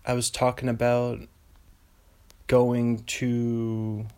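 A man's voice: medium pitch, completely flat delivery, drawn-out words, a little mellow, smooth. A young man from Western Washington chatting alone in a meandering way, breaking off into tangents and giggly asides. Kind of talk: rambling solo casual chat.

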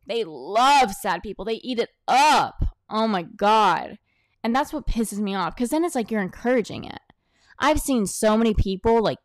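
A woman's voice: medium pitch, clear, resonant tone, no room sound, clean studio sound. A young adult woman hosting a casual solo podcast, talking bluntly and jokingly and drifting closer to and farther from her mic. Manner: animated, blunt and jokey, moving around the mic. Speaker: podcast host. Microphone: desk microphone, voice drifting near and far.

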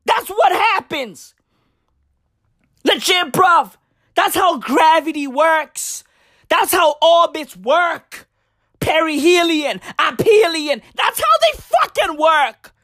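A woman delivering a profane comedic rant to camera, full of slang like "bruv" and "fam," with sudden shouted outbursts and big leaps in pitch. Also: dry recording, studio quality. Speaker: comedic vlogger.

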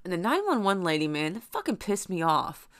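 A woman's voice: fairly low pitch, big pitch swings, brisk, fairly bright tone, no room sound. A young woman casually telling a personal story in a blunt, profane, rambling way, full of fillers.

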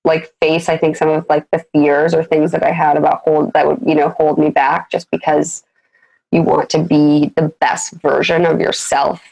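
A woman in her thirties, a business founder as a guest, talking candidly and haltingly in casual interview chat. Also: low voice, level tone, creaky, darkish tone, low-quality recording. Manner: candid, halting, many fillers and restarts.

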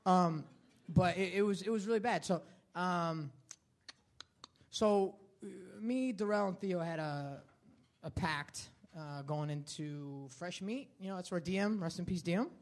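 A man co-hosting a live podcast in a comedy club, excitable and swearing a lot, with sudden loud outbursts. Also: sits high, a little slow. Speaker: podcast co-host.

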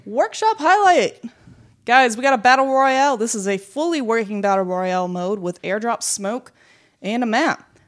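A woman's voice: a little high, lively intonation, normal speed. A woman co-hosting a casual gaming podcast, reading out news and schedules with joking asides. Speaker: podcast co-host. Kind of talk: casual esports podcast chat.

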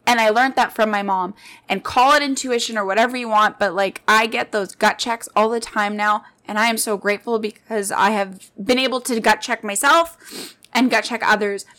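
A woman's voice: a little high, steady tone, moderate pace, sharp tone. A woman in her late twenties hosting a podcast, sharing personal stories in an earnest, heartfelt monologue that speaks straight to her listeners. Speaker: podcast host.

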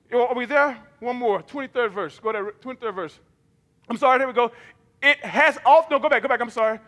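A male pastor with a very high, bright, forceful voice delivers an emphatic sermon, having the congregation repeat his lines back to him. His words ring out with a long reverb through a large church sanctuary. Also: quick pace. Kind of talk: sermon with call and response.

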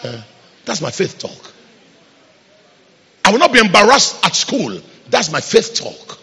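A man's voice: high voice, huge pitch swings, unhurried, creaky, long pauses, pushed and bright, slightly rough. A man, preaching a sermon with emphatic call-and-response questions to the congregation. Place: church hall. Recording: echoey church hall reverb.

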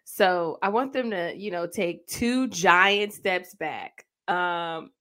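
A woman's voice: fairly low pitch, slow pace, fairly bright tone. A woman co-hosting a casual show, giving wry, opinionated reactions to church videos. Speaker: co-host.

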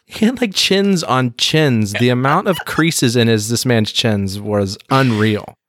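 A man's voice: mid-range voice, expressive, unhurried, a bit bright, no echo. A man co-hosting a podcast, chatting eagerly and casually. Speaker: podcast co-host. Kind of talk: casual chat.

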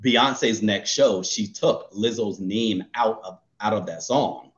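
A man co-hosting a casual podcast chat, animated and often laughing as he acts out what he would say. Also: on the low side, slow pace, lo-fi sound. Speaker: co-host.

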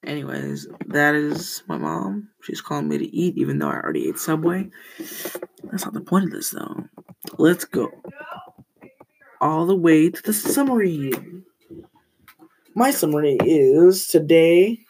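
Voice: medium pitch, sing-song, unhurried, creaky, darkish tone, a little hiss or hum, poor audio. A teenage student hosting a casual school podcast, rambling, often correcting themselves and telling corny jokes.

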